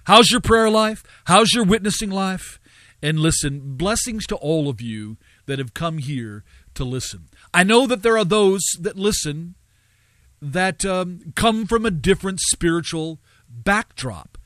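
A man's voice: sits high, expressive, unhurried, fairly bright tone, no echo. A man hosting a live radio talk show, telling a story and preaching in an earnest cadence with frequent fillers.

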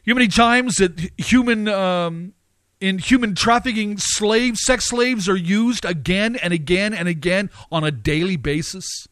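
A man's voice: high-pitched, a little slow, a bit bright, no room sound. A man preaching a sermon, emphatic, with repeated phrases and sudden rising outbursts.

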